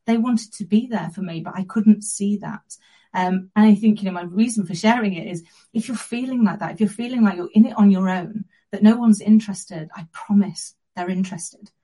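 A woman guest telling a personal story in an interview, earnest and reflective, with soft pauses. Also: mid-range voice, slightly rough, rough recording.

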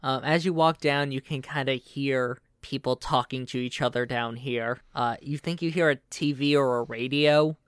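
A man running a tabletop game, describing scenes casually with lots of "uh"s. His voice is smooth and clear, recorded close and dry with no room sound. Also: medium pitch, moderate pace, hardly any pauses, no echo. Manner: relaxed, with frequent fillers. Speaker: game master.

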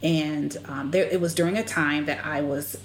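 A middle-aged woman telling stories as an interview guest, animated and expressive. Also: deep voice, normal speed. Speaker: guest, business leader. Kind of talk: conversational interview storytelling. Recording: echoey room with faint background noise.

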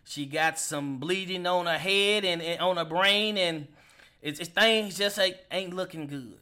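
A man in his forties telling a personal testimony as a podcast host, emotional and halting, often repeating words as he speaks. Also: high voice, bright, forceful tone, clean tone. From Kentucky. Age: 40s.

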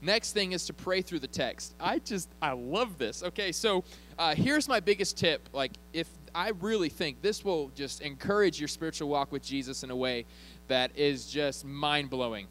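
Man, sermon, animated conversational preaching, slightly higher pitch, faint hum behind. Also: moderate pace, rough recording.

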